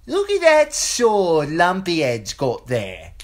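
A man's voice: high-pitched, wildly swooping pitch, slow, voice pushed up, full character voice. A man voicing a mocking orphan boy with a braying laugh, in a jeering, taunting manner.

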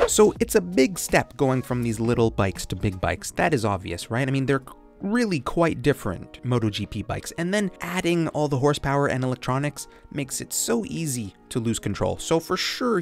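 A man's voice: medium pitch, big pitch swings, brisk, gravelly, soft background music. A man hosting a motorsport video, delivering scripted commentary full of sarcastic jokes. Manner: joking, sarcastic asides. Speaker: YouTube motorsport channel host.

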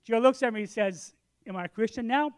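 Animated older man preaching. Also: extremely high pitch, fairly quick. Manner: animated storytelling, acts out both sides of a conversation; drops to a quiet, earnest tone for the lesson. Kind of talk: sermon with storytelling.

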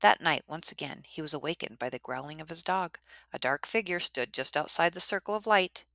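A woman telling a traditional story in a measured, dramatic narration. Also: low-pitched, animated, pushed and bright, no room sound, studio quality.

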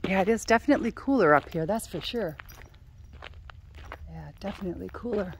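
A woman chatting casually into a handheld camera at the top of a mountain, a little out of breath from the climb. Her voice is mid-pitched, with a faint hiss of outdoor noise behind her. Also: expressive, brisk, gravelly. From Arizona. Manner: chatty, talks to her dog. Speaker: vlogger.

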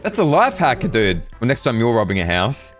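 Jokey guy riffing on clips, voice bouncing all over, music under it. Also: medium pitch. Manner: excitable, jokey, quick to laugh. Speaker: co-host of reaction videos. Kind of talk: casual banter over clips.

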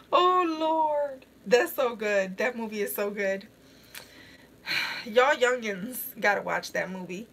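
A woman's voice: fairly high pitch, fairly bright tone, slightly rough. A young woman vlogging casually in a face mask, giggling often as she reacts to a movie and to comments from her chat. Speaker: beauty vlogger.

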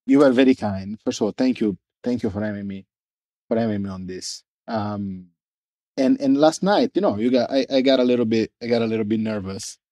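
A man being interviewed about the brand he founded, talking casually and haltingly, often restarting as he searches for words. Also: mid-range voice, warm tone, no room sound. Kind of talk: casual conversation.

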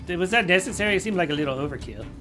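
Over music, the let's-play host shouts at enemies and fires off sarcastic remarks in loud, exclamatory commentary. This time the mid-range voice moves very fast with lively intonation.

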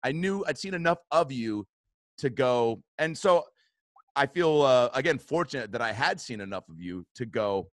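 Guy hosting a podcast telling a story, swears a ton, does the voices, laughs, mid pitch, dry sound. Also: animated, moderate pace, dry recording. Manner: swears a lot, acts out quotes, laughs often. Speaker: podcast host. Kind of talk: casual storytelling chat.

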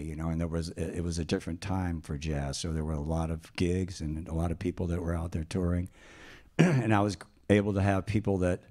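Older man with a deep, mellow voice. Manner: relaxed and rambling, frequent restarts and "you know". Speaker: pianist and author. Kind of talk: casual interview talk.

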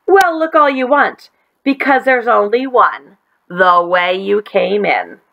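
Woman playing a bossy male weasel leader, storybook, gloating, yells, slightly gravelly. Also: medium pitch, animated, slow, lo-fi sound. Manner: gloating, yelling.

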